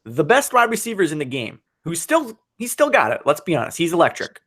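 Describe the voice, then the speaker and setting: A man co-hosting a casual sports podcast, talking football in an excitable, animated way and laughing often. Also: on the high side, brisk.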